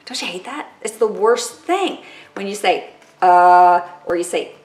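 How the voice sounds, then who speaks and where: A woman's voice: medium pitch, expressive, measured pace, darkish tone, reverberant, slight background noise. A woman vlogging at home in casual chat to camera, chatty and self-mocking, full of "like" and "totally".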